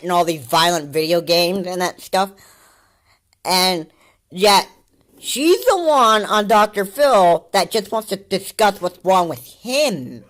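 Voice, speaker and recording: A woman's voice: on the low side, fairly bright tone. A woman giving casual commentary over video clips, rambling and repeating her points with many fillers.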